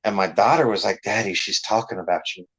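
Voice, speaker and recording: A man's voice: on the low side, quick pace, fairly bright tone, breathy edge, poor audio. A man, a comic creator, telling blunt, profane stories in a casual podcast chat.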